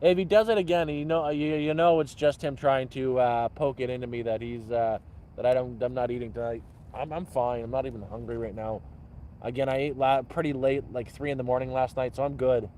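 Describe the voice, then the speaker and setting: A man hosting a livestream in casual, rambling chat, jumping between loud bursts and low mutters. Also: steady tone, fairly quick, slight background noise. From Canada. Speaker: livestream host. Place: outdoors by a campfire.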